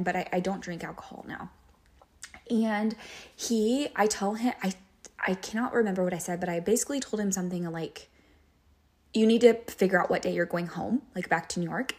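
A woman's voice: mid-range voice, a little mellow. A woman in her late twenties, a podcast host, candidly telling a personal story in a monologue full of "like" fillers. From Kansas. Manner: candid, emotional, many "like" fillers. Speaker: podcast host and business owner.

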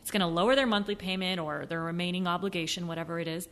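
A woman hosting a motivational sales podcast, animated, acting out excuses in a high mocking voice and sometimes dropping to a soft near-whisper. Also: very fast. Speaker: podcast host, sales coach. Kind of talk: motivational solo podcast talk.

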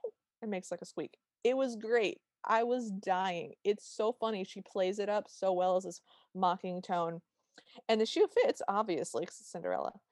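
A woman's voice: mid-range voice, moderate pace, dry recording, studio quality. A woman co-hosting a podcast, recapping an episode and acting out quotes as she goes. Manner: animated storyteller, acts out quotes. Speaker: podcast co-host. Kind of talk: casual recap chat.

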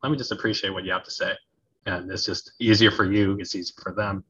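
Animated man coaching with a bright voice. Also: low-pitched, fast, slightly rough. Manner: animated, laughs often, acts out sample phrases. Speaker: guest, conflict resolution coach. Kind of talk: casual podcast interview. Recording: dull lo-fi audio.

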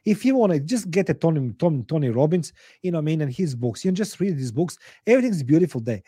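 A man's voice: on the high side, very animated, fast, mellow, husky, no echo, studio quality. Earnest, blunt middle-aged man, non-native English. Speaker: podcast guest and author. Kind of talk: emotional, candid interview talk.

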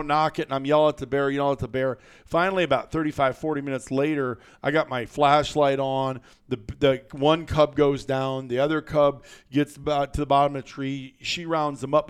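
Smooth-voiced man spinning a hunting yarn. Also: a little high. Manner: animated, colorful storyteller with mild cursing. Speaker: guest hunter. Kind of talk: casual storytelling on a podcast.

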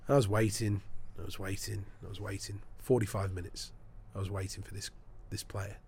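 This sports broadcaster's voice is low and gravelly, and he talks a little fast as he tells anecdotes in a podcast interview, acting out whoever he's quoting. There is a little hiss or hum on the audio.

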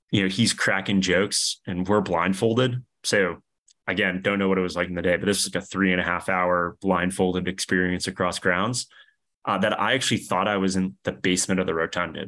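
A young man with a New York accent and a very low voice talks easily as a podcast guest. He rambles a little, backs up, and leans on fillers as he tells his stories. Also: a bit bright. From New York, USA. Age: young adult. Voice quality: deep. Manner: chatty, frequent restarts and fillers. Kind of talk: casual interview chat.

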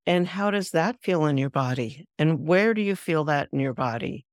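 A woman hosting a spiritual podcast, explaining a practice in a calm, deliberate way and slowing down on key words. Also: low-pitched, no echo, studio quality. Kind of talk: instructional spiritual talk.

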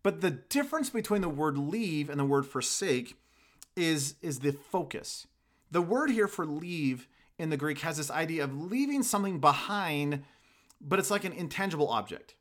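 A man preaching a sermon, telling stories in an animated way and driving points home with emphatic repetition. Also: a little high, moderate pace. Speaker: pastor.

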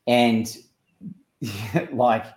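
An Australian man chatting as a guest, an animated storyteller who acts out quoted dialogue. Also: mid-range voice, drawn-out words, roomy sound. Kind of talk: casual chat.

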